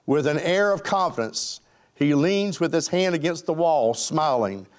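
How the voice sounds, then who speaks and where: A man's voice: on the high side, lively intonation, a little slow. A male pastor preaching a sermon, folksy and joking, chatting with his congregation. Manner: folksy, joking, chuckling with the crowd.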